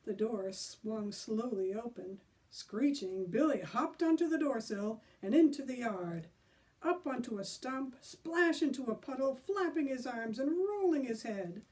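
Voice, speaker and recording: Expressive woman reading a storybook aloud. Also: a little high, a little slow, far from the mic. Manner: expressive storyteller, chats about the pictures. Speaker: children's librarian. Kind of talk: reading a chapter book aloud.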